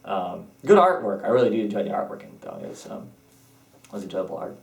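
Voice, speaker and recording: A man with a lowish voice talks loosely, filling gaps with hesitations and circling back on his own sentences. He sits a little back from the microphone, so his voice carries some distance. The room around him rings with echo. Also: very animated, quick pace, gravelly. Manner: rambling, hesitant with many ums and restarts. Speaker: comic book reviewer. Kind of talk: casual spoken review.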